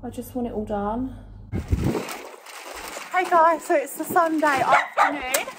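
A woman's voice: sits high, animated, unhurried, pauses often. Chatty woman, noisy home vlog. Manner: chatty, lots of "um" and "like". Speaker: vlogger. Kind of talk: casual renovation vlog. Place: home being renovated.

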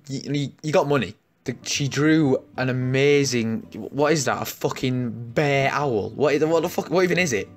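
A young man riffs through mock-outraged, swear-heavy commentary in a fairly high voice. His tone stays ironic and exaggerated. Faint music plays in the background. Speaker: comedy commentator. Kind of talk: sarcastic reaction commentary.

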